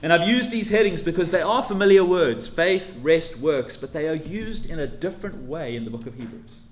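Teacherly preacher in an echoey hall. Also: male voice, a little high, animated, moderate pace, slight background noise. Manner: teacherly, emphatic, stresses key words. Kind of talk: expository sermon. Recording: echoey room with faint ambience.

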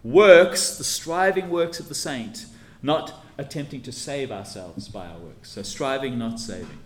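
Teacherly preacher in an echoey hall. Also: male voice, medium pitch, animated, unhurried. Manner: teacherly, emphatic, stresses key words. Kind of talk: expository sermon. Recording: echoey room with faint ambience.

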